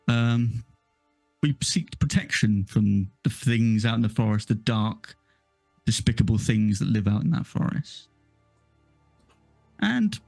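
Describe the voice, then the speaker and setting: A man doing a creaky, menacing old village elder who confesses his dark bargain with slow, gloating scorn. He talks down to his listeners. The voice sits dry and close, with soft music underneath. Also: medium pitch, no room sound.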